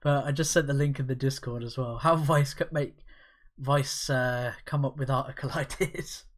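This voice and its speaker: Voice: mid-range voice, steady tone, normal speed. Giggly rambling podcast co-host. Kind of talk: casual chat.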